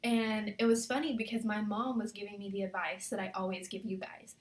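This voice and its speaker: A woman's voice: medium pitch, flat delivery, brisk, roomy sound. A young woman vlogging about life as a military spouse, talking in a chatty, earnest way full of fillers and giving encouragement. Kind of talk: casual confessional vlog.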